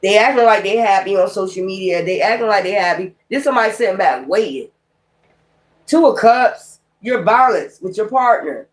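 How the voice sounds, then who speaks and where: A woman reading tarot cards in loose, rambling street slang. She comes across blunt and exasperated, swearing freely as she talks through each card. Her voice sits at an ordinary middle pitch. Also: lively intonation, moderate pace. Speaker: tarot reader.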